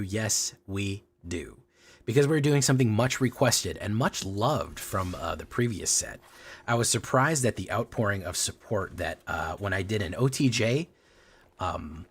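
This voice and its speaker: A man's voice: on the low side, husky. A man hosting a card game stream, talking in a playful, joking way. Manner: playful, joking, lively delivery. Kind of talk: casual stream commentary.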